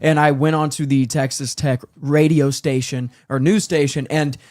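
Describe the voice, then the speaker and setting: A young man co-hosting a talk show speaks bluntly and with emphasis from a studio mic. His voice runs slightly high for a man. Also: fairly even intonation, moderate pace, a little mellow, no room sound. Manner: blunt, emphatic, laughs easily. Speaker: podcast co-host. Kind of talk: casual talk-show banter. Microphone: headphones with a studio mic.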